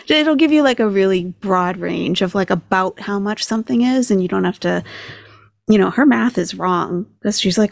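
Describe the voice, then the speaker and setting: A woman's voice: medium pitch, unhurried, creaky, dry recording. A woman hosting a commentary channel, chatting casually and sarcastically as she talks numbers through aloud.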